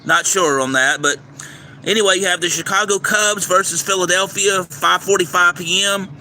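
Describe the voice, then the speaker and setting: A man hosting a livestream, reading out a game schedule and his picks in a steady list, sometimes stumbling over names, recorded outdoors near a railway. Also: high-pitched, normal speed. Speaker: livestream host giving baseball picks. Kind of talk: casual livestream commentary. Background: faint traffic and train noise.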